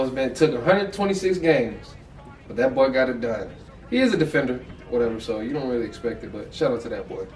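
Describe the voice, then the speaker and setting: An American man runs through game analysis in loose, candid talk that is peppered with swearing. His voice has an ordinary middle pitch. He is heard from some distance in a roomy, echoing space, with a faint hum of ambience behind him. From United States. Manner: candid, profane, loose chatter. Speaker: podcast co-host. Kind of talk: casual sports analysis chat. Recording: echoey room, mic far off.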